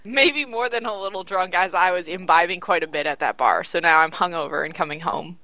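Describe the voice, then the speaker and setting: A woman's voice: on the low side, brisk, bright, forceful tone, no echo. Woman, tabletop game player, casual, hesitant, dry close sound. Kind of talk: tabletop role-play.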